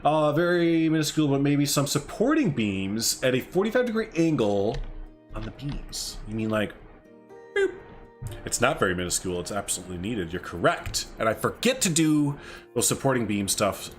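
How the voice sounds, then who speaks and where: A man's voice: medium pitch, sing-song, normal speed. A man streaming a building game, chatting casually and upbeat, answering chat and exclaiming as he builds. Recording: faint music behind.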